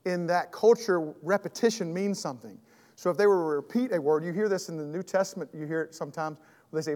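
A man's voice: fairly high pitch, quick pace, darkish tone. Earnest man teaching in a reverberant hall. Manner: earnest, emphatic, repeats and restarts phrases. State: throat trouble, clearing his throat. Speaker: Bible teacher. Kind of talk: evening Bible class teaching.

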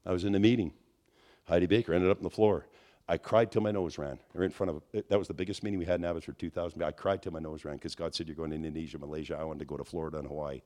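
A man preaching in a storytelling way, his fairly low voice rising to high, excited near-shouts at the peaks. He moves between quiet asides and loud emphasis as he preaches. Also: rapid-fire. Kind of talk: charismatic sermon.

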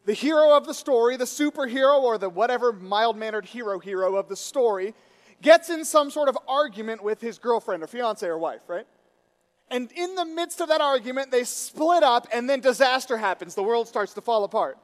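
A man preaching a sermon to his congregation, telling a story with lively, rising emphasis. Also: very high-pitched, a little fast. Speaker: pastor. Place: church sanctuary. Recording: reverberant hall.

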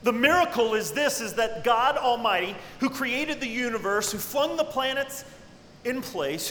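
A male preacher delivers a sermon with a bright, high-pitched voice. He swings from near-whispers to ringing cries. The sound is echoey, with a long hall reverb and faint ambient noise behind him. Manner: dynamic preaching, dropping to hushed tones then rising to cries. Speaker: pastor.

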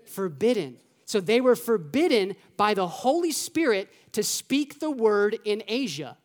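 An animated pastor delivers a sermon in a church sanctuary, talking to the congregation like a conversation. He throws in rhetorical questions, casual fillers and quick off-the-cuff asides. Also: mid-range voice.

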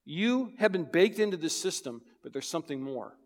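A man's voice: on the high side, lively intonation, normal speed. Preaching man in a reverberant hall. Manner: emphatic preaching with wide swings between loud and hushed. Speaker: pastor. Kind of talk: sermon.

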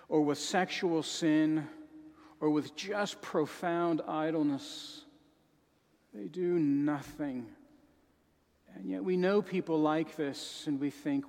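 A man preaching a sermon with dramatic swings, dropping to a soft sorrowful voice and rising to shouts. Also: fairly high pitch, long reverb tail.

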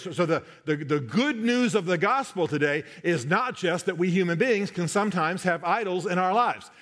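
A man's voice: sits high, animated, moderate pace, few pauses, a bit bright. A man preaching a sermon, emphatic, often repeating key phrases for effect. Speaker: pastor.

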